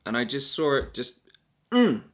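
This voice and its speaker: This man has a lowish, slightly bright voice at a normal speed. As a travel vlogger addressing the camera casually, he tells a rambling, self-deprecating travel story packed with fillers.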